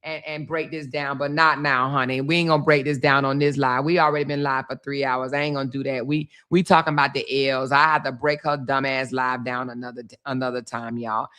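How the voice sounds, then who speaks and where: A sassy woman hosts a live stream. Her voice is bright and forward, and she teases, laughs and riffs in casual commentary. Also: very deep voice, little pitch movement, fairly quick, hardly any pauses. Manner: sassy, teasing, laughs often.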